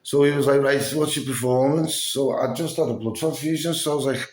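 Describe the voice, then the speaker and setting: This man's mid-range voice is brisk, a little mellow, and fairly even in intonation, with reverberation around it. Breathless and tired, he recounts a story for a casual vlog, cursing a lot and performing others' lines.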